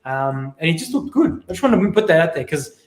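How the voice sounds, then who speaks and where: Young aussie guy chatting on a stream, high-ish voice, echoey room, laughs a lot. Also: big pitch swings, fairly quick. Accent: Australian. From Australia. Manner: laid-back, laughs often, loose slang. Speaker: podcast co-host. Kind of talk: casual live-stream chat.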